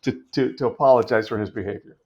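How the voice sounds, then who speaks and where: A man's voice: medium pitch, steady tone, fast, warm tone. A middle-aged man from New York talks casually through his stories as a podcast guest. He rambles and restarts his sentences, with a mid-range voice. The audio sounds a bit dull and lo-fi. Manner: rambling, frequent restarts, storytelling. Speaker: guest actor. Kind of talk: casual interview anecdotes.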